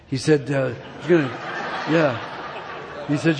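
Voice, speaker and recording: A man's voice: mid-range voice, unhurried, long pauses, noisy background. A man in his seventies giving a church testimony, telling a folksy, meandering personal story to the congregation. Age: 70s. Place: church sanctuary. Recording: long reverb of a large hall.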